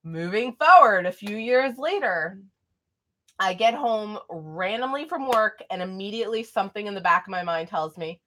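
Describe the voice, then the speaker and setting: A woman's voice: medium pitch, expressive, normal speed, fairly bright tone. A young woman vlogger chatting casually through a storytime, rambling with lots of fillers.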